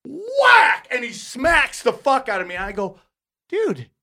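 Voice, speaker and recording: Animated comedian telling a story. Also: male voice, extremely high pitch, a little fast. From Armenian family. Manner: animated storyteller, acts out voices, swears a lot. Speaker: guest comedian. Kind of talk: casual podcast chat.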